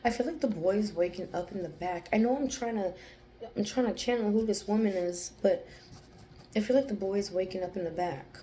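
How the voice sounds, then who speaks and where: A young woman who gives an intuitive psychic reading, thinking aloud, hesitating and pausing to focus. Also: mid-range voice, warm tone. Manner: hesitant, restarts, pauses to focus. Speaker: psychic channeler.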